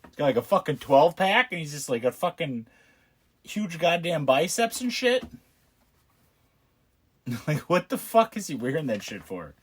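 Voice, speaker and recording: Man, young adult, podcast host, casual movie commentary, profane, mocking, lively pitch. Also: moderate pace, long pauses, breathy edge. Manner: profane, mocking, laughing asides.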